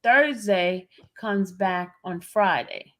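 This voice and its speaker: A woman's voice: mid-range voice, slow pace. A woman from New York with a New York accent, hosting a casual chat and explaining news in a plain, listing way. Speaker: host.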